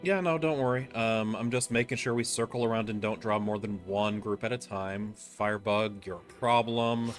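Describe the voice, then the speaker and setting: A man's voice: on the low side, steady tone, normal speed, hardly any pauses, soft background music. A man chatting casually while guiding a friend through a co-op game, patiently explaining mechanics step by step. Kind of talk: casual gameplay chat.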